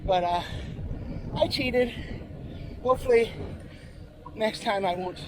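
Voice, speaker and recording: Man vlogging on his bike outdoors, high voice, chatty, loud outdoor noise behind him. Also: slow pace. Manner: chatty, narrating as he rides. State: out of breath at times. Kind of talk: casual talk while cycling.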